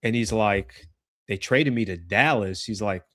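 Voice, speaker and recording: A man's voice: medium pitch, animated, moderate pace, a bit bright. A man hosting a basketball talk show in a casual commentary style, chatty and thinking aloud as he goes, stopping to correct himself mid-sentence. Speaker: sports talk show host.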